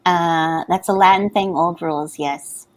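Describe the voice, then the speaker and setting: A woman's voice: on the low side, fairly even intonation, a little slow. A woman co-hosting a writing livestream, chatting casually and reading out viewer comments.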